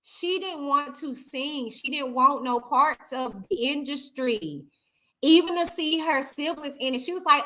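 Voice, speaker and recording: On a casual live stream, a high-voiced woman speaks slowly as she chats and reads out comments from viewers. Animated and chatty, she addresses her audience directly as "y'all."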